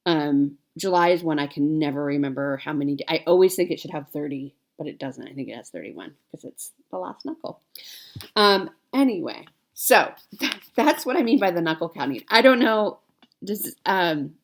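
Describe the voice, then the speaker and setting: This woman's voice sits low. She's a cross-stitch vlogger in her forties who chats with viewers in a relaxed, rambling way, full of fillers and self-corrections.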